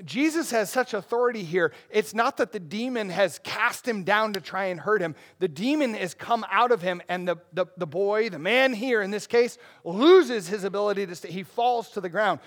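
A pastor preaching an expository sermon in a conversational, animated way, with frequent asides to the congregation. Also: male voice, sits high, normal speed, few pauses.

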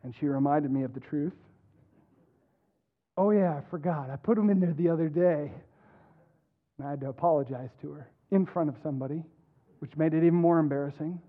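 Middle-aged man, pastor giving a sermon; earnest, halting delivery, higher pitch, narrow tinny audio. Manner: earnest, halting with repeated restarts. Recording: tinny phone-like sound.

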